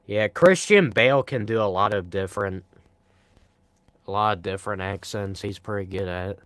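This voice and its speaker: A young man with a Pennsylvania accent chats loosely on his live stream, rambling from one thought to the next and poking fun at himself. His low voice comes through smooth and resonant. The sound is dry and close, with no room around it. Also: normal speed, fairly bright tone, dry recording. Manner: rambling, self-deprecating, reads chat aloud. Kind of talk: casual live stream chat.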